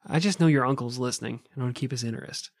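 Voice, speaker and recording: A man's voice: mid-range voice, noisy background. A man casually telling a true crime story on a podcast, joking and swearing and laughing often.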